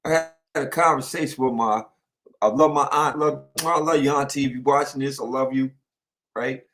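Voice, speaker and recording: A man co-hosting a casual sports talk show, animated and rambling, repeating himself as he tells stories. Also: mid-range voice, moderate pace. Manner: animated storyteller, repeats himself, lots of fillers.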